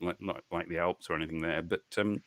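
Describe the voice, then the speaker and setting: A man hosting a live online interview chat over a video call, halting and repeating words, chuckling often. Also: deep voice, fairly even intonation, a bit bright, no echo. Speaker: host.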